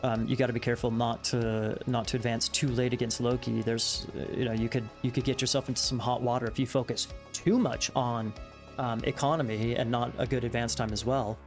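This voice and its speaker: A man's voice: mid-range voice, flat delivery, fairly quick, faint music behind. Chatty male esports co-caster. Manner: chatty, musing, many fillers. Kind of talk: game commentary.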